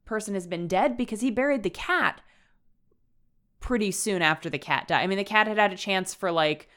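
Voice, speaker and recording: A woman's voice: medium pitch, moderate pace, a bit bright. A woman co-hosting a podcast, chatting casually about a horror novel with dry asides and laughter. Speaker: podcast co-host. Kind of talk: casual book discussion.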